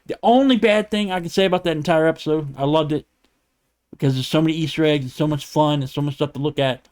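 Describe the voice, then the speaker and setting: Profane, animated man ranting on a podcast. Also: on the high side, fast talker. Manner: animated, profane, rambling with laughs. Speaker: podcast co-host. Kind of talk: casual debate chat.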